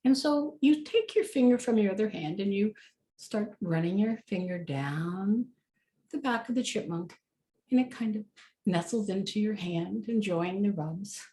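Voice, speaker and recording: A woman guides a meditation in a warm, mellow voice. She talks loosely and chattily and leans on fillers as she goes. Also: medium pitch, animated, a little slow, a little hiss or hum. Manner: casual, chatty, many fillers.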